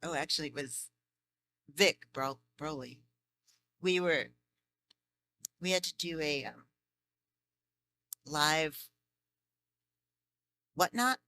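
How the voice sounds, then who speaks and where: A chatty voice actress fields fan questions at a convention panel, telling stories with plenty of laughter. Her voice sits somewhat low for a woman yet sounds bright and forceful. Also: slow pace, long pauses, slight background noise. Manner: chatty, laughs often, animated storytelling. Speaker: voice actress guest.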